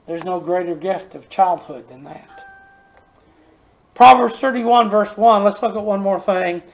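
An older man preaching a sermon, telling homespun stories and repeating words for emphasis, sometimes dropping to a soft near-whisper. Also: high-pitched, unhurried, gravelly. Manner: folksy storytelling, repeats words when stressing a point.

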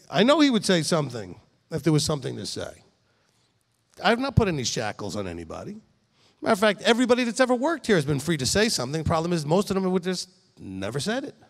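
With a slightly high, creaky voice, the middle-aged founding rabbi of the congregation preaches in a conversational, emphatic, animated style. He addresses listeners directly, often asking "okay?", while a long reverb fills the hall.

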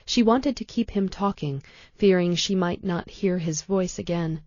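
A woman narrating an audiobook in a calm, measured way. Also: lowish voice, no room sound, lo-fi sound. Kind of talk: scripted narration.

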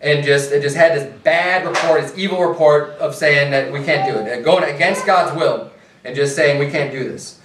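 A man with a high voice preaches a sermon, talking conversationally and often restarting his sentences. He is recorded from a distance in an echoey church, with a faint hiss underneath. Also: moderate pace. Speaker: pastor. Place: church sanctuary.

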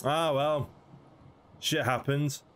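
A man's voice: on the high side, fairly even intonation, takes it slowly, fairly bright tone, a little hiss or hum. A young man giving casual game commentary, chatting, laughing and talking to creatures in the game. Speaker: gaming video host.

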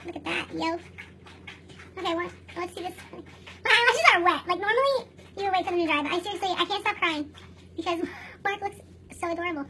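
A woman's voice: extremely high pitch, quick pace, bright, forceful tone, slight background noise. A young adult woman vlogger giggling her way through a casual makeup tutorial.

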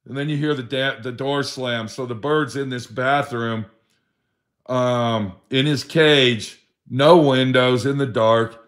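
A man's voice: mid-range voice, steady tone, slow, a bit bright. Rambling profane man telling a sad story. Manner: profane, rambling, acts out his friend's voice in quotes. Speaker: vlogger telling a story about a friend. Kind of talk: emotional personal storytelling.

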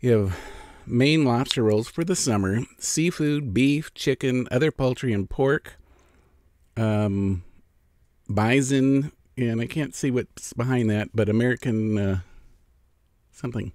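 A man's voice: medium pitch, a little mellow, no room sound, clean studio sound. A middle-aged man from California chatting casually as a food vlogger, savoring each bite between remarks. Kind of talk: casual mukbang eating vlog.

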